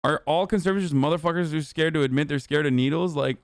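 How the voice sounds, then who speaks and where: A man's voice: on the high side, fast talker, no echo. A young man streamer ranting heatedly and profanely in live-stream commentary, reading posts and mocking them.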